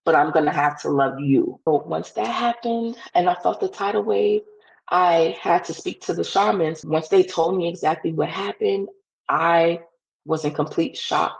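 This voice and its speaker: A woman's voice: lowish voice, measured pace, gravelly, low-quality recording. A woman as a podcast guest, telling a personal story in an earnest, casual way, full of "like" fillers. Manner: earnest, heavy use of "like" fillers.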